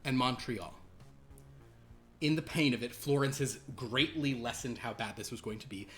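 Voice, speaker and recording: A man at a middle pitch runs a horror tabletop game. His narration rambles and is full of fillers. Faint music plays behind him. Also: normal speed, fairly bright tone. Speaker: game master.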